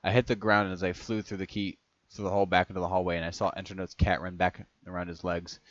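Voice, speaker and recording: A man reading a first-person story aloud in a casual way, often stumbling on words, restarting them and clearing his throat. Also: deep voice, little pitch movement, fast talker, no echo. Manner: reads in first person, stumbles and restarts on words, breaks into long fits of laughter. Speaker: reader of fan fiction. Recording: dry, slightly dull home recording.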